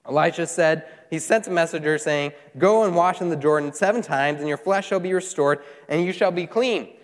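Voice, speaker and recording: Animated preacher in an echoing hall. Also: male voice, on the high side, normal speed. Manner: animated, voices the characters while retelling. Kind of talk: sermon with scripture reading. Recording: long hall reverb.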